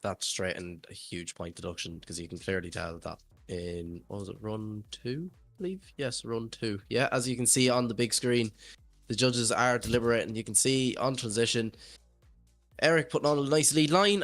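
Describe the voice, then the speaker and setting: A man, judging and co-commentating live, speaking in a measured, hesitant way with many fillers. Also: medium pitch, a bit bright, no room sound, soft background music. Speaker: judge and co-commentator.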